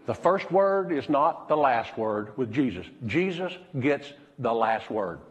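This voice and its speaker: A man preaching a sermon as pastor, pausing dramatically and dropping to a hush when he quotes someone. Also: medium pitch, sing-song, big-room sound.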